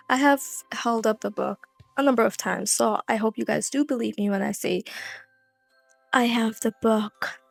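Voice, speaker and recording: A woman's voice: fairly high pitch, steady tone, moderate pace, vocal fry, faint music behind. A young woman hosting her own audiobook reading, switching between a careful reading voice and chatty, blunt asides.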